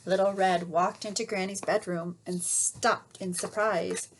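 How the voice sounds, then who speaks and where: A woman reading a children's storybook aloud, expressive, pausing to ask her listeners questions. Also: mid-range voice, a little hiss or hum.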